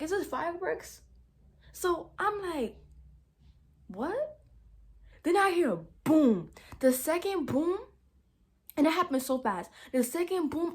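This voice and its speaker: A young adult woman telling a dramatic story in a casual vlog, talking straight to her viewers with lots of "like" and "y'all". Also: mid-range voice. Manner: animated, dramatic storytelling, heavy use of "like", addresses viewers as y'all. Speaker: vlogger.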